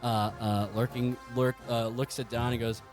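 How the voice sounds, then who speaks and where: A man's voice: mid-range voice, level tone, normal speed, music in the background. Laughing man narrating as game master. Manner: laughing, rambling storyteller with many fillers. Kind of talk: comedic podcast role-play narration.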